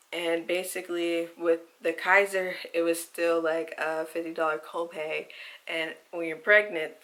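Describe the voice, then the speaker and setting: A young woman vlogger softly retelling a hard personal time, halting and emotional, with many fillers. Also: lowish voice. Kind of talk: personal storytelling vlog.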